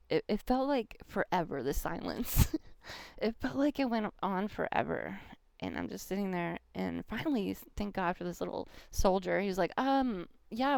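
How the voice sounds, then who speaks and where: Tarot reader, woman, middle-aged, smooth but gravelly delivery, dry close sound, animated storyteller. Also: lowish voice, no room sound. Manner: animated storyteller, acts out quoted voices. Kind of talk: personal storytelling to viewers.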